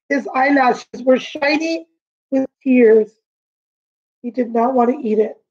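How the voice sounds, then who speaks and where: High-voiced woman teacher reading aloud. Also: takes it slowly, highs cut off. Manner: gentle, explains words, asks children questions. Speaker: kindergarten teacher. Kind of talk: reading a picture book aloud to children.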